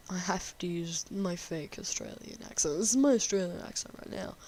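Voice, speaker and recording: A woman's voice: on the low side, animated, fairly quick, hardly any pauses, a little mellow. A woman giving casual, sarcastic gameplay commentary and reading game text aloud, swearing freely. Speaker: game streamer.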